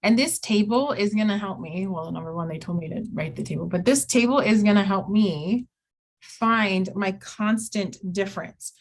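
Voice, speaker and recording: A woman's voice: medium pitch, normal speed. A woman teaching an online math class, chatty, often acting out her students' questions in a livelier voice.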